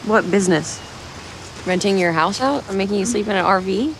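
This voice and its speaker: An actress playing a hurried, exasperated young single mother, curt and impatient in a TV drama scene. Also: medium pitch, background noise, lightly acted.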